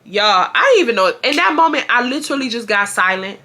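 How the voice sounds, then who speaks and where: A woman, telling a story in a casual, animated and profane way. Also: a little high, quick pace, a little hiss or hum. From Houston, Texas. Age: 20s. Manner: animated and profane, acting out shouted quotes. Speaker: vlogger.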